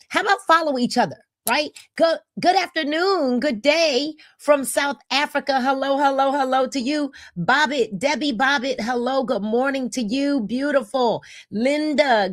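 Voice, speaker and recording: Woman, 50s, livestream host, cheerful greetings, slightly high voice, dry sound. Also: no room sound. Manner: upbeat, greets viewers by name. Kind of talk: casual livestream talk.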